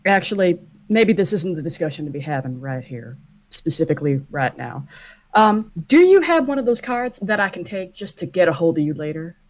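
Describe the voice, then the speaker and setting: A woman's voice: on the low side, very animated, fairly quick, a little mellow. A woman doing a courteous, drawling man. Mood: wary, polite.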